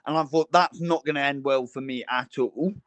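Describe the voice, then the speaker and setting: A man's voice: medium pitch, moderate pace, fairly bright tone. A young man, co-hosting a casual chat and telling a long rambling story full of fillers and restarts. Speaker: podcast co-host.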